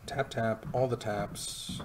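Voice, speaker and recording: A man's voice: medium pitch, fairly even intonation, slow pace, noisy background. A man giving casual live commentary on a card game stream, chatty and rambling with many fillers and jokey asides. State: has the hiccups.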